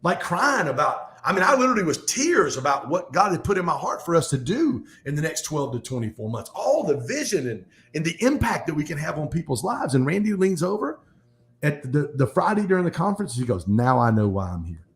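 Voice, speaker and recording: A fairly high-pitched man appears as a guest on a casual podcast, talking fast in an animated, motivational way. The room is echoey.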